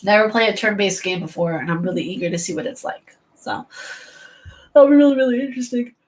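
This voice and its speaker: A rambling woman talks casually, sounding tired. Her pitch sits in the middle of the range. She often breaks into laughter between thoughts. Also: quick pace. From New York. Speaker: host. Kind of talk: casual chat.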